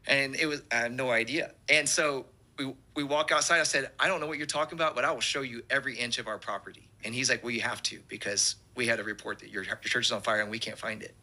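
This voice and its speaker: A man, a pastor telling an animated testimony story and acting out the quotes. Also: mid-range voice, quick pace, few pauses.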